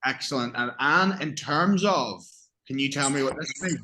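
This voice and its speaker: Male teacher, patient and encouraging, bright clear voice. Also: medium pitch, moderate pace. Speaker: English teacher. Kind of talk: classroom vocabulary review.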